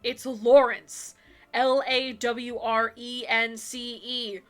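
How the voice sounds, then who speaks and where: A woman's voice: medium pitch, steady tone, measured pace, sharp tone, faint music behind. A woman voicing a brooding, stern male werewolf in a dating game, with a clipped, dry delivery.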